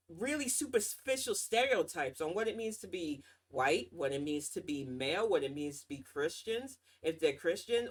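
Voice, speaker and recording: Here a podcast host holds forth on politics in a casual rant on her own show. She sounds sarcastic and mocking, with lively shifts in both pitch and volume.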